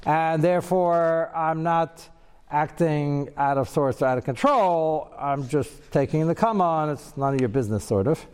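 A man giving a Torah class lecture, animated, jumping to a high pitch when he acts out quoted lines. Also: a little slow, clear, resonant tone, big-room sound. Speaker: Torah teacher.

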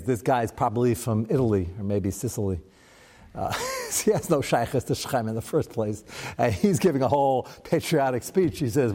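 A man's voice: medium pitch, a little mellow, in a large hall. A man teaching a scripture lesson, chanting verses aloud and then explaining them in casual, wry asides, with an American accent. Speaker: Torah teacher. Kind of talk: text study lesson.

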